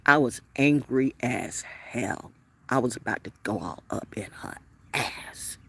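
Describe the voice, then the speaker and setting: A woman vlogger telling a story in an unscripted, profanity-laden rant, swinging between loud outbursts and hushed, low talk. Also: lively intonation, slow pace, creaky, slight background noise.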